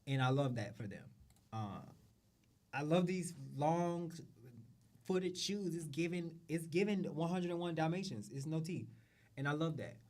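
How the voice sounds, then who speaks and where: A man's voice: fairly high pitch, lively intonation, unhurried, darkish tone. A man hosting a show, talking casually and profanely about runway looks, repeating phrases and trailing off. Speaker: show host. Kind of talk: casual fashion commentary.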